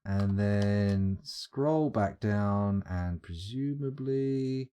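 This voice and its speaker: A man's voice: fairly low pitch, very slow, dark tone, clear, resonant tone. A man streaming live, giving chatty, wry gameplay commentary as he thinks aloud. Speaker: streamer playing a game.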